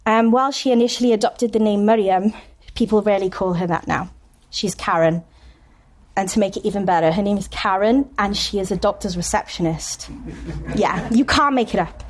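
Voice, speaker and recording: A woman from Wales, giving a conference talk as a poet, telling stories with wry humorous asides and slowing down to read poems deliberately. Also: mid-range voice. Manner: slows down and reads poems deliberately. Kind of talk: conference talk with poetry reading. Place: university conference room.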